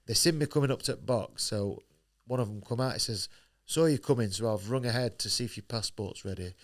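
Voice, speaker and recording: A low-pitched but fairly bright-toned voice belongs to a professional boxer speaking briskly as a podcast guest. He recounts his story with blunt candor, plenty of swearing, and acted-out dialogue.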